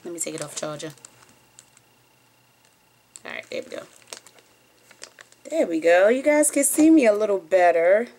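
A young woman with a Southern US accent, chatting excitedly as she unboxes a package for her vlog, recorded on a phone at home. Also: mid-range voice, moderate pace, pauses often, slight background noise. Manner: chatty, bubbly and excitable, squeals with delight. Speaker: beauty vlogger. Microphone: phone camera.

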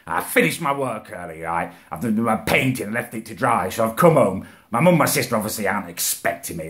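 A man ranting in a comic monologue to camera. He is indignant, swears and repeats himself, and his voice swerves into shrill outrage. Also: a bit bright.

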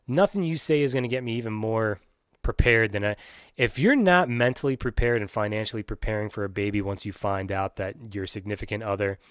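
Profane ranting podcast host, dry sound. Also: male voice, on the low side, a little fast, clear, resonant tone, no echo. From Pennsylvania. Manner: profane, ranting, many restarts and fillers.

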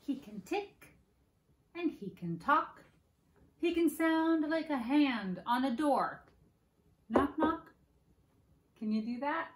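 A woman hosting preschool story time, reading picture books aloud in a slow, sing-song way and playfully acting out animal noises for children. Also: on the high side, echoey room.

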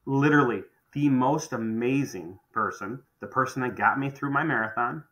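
A man's voice: mid-range voice, normal speed, a bit bright, low-quality recording. A middle-aged man who runs a contracting business, talking emphatically on a podcast and often repeating phrases as he restarts. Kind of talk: podcast conversation.

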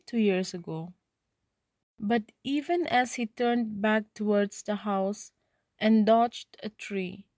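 Slow, careful woman teacher explaining a story. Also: medium pitch, darkish tone, no room sound. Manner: reads a passage, then retells it in simpler words. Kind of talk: reading a story aloud and explaining it.

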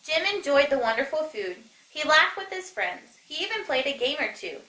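Bright, lively woman reading a picture book. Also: normal speed. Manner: animated, voices each animal with pitch jumps. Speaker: children's story reader. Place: church. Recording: echoey room.

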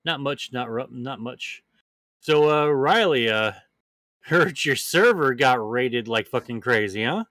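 A man's voice: mid-range voice, slow, no echo. A man hosting a podcast, joking his way loosely through casual introductions. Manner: loose, jokey, lively introductions. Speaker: podcast host. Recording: dry close mic with faint music behind.

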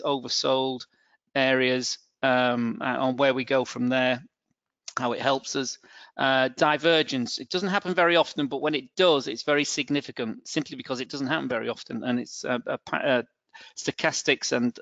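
A middle-aged man with a northern English accent talks through a live online trading lesson, his voice gravelly at the bottom. He stumbles on fillers and restarts his sentences often. The sound is dull and lo-fi, dry with no room to it. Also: medium pitch, a bit bright, dry recording. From England. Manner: hesitant, filler-heavy, many restarts. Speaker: trading webinar presenter. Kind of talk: live webinar presentation. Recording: dull, dry, lo-fi webinar audio.

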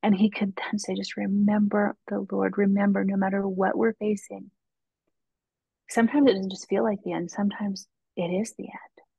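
A woman's voice: mid-range voice, slightly rough, no echo, muffled recording. A woman guest author telling a faith story in an earnest way on a casual podcast, with frequent ums and restarts.

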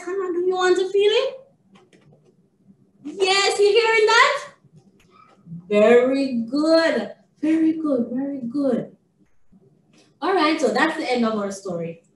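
A woman reads a touch-and-feel book to a toddler in a high, slow, sing-song voice. She is heard from a distance in an echoey room. There is a light hum behind her. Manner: sing-song, exaggerated praise and questions. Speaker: early childhood educator. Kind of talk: reading a picture book to a young child.

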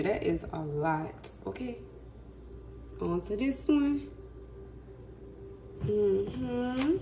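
A woman's voice: on the high side, gravelly, roomy sound, a little hiss or hum, rough recording. A woman cooking in her home kitchen, chatting casually to viewers and humming as she goes. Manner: chatty, talks to viewers as "y'all", hums while cooking. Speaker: cooking vlogger. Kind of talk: casual cooking vlog talk.

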